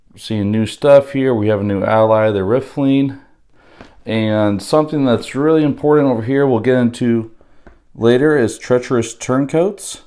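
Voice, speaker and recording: A man with a fairly low voice, a little hoarse yet still smooth and resonant underneath. He walks through an unboxing in an unhurried, halting way, with frequent pauses and fillers. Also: darkish tone. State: slightly hoarse from losing his voice. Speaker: board game unboxing host. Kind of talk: casual unboxing walkthrough.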